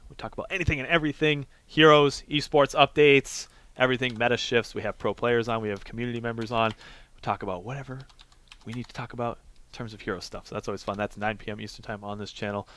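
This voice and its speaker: A man's voice: fairly low pitch, fairly even intonation, fairly bright tone. A man co-casting an esports match, teasing his partner and chatting casually. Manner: teasing, playful, quick to laugh. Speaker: esports co-caster. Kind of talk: casual commentary banter.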